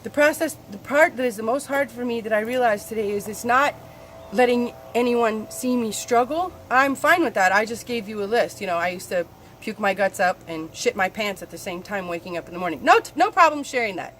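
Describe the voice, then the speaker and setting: A woman talking candidly in a personal spiritual vlog, confessional and swearing freely, her voice swinging between soft and loud. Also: on the high side, brisk, a little hiss or hum. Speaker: spiritual vlogger.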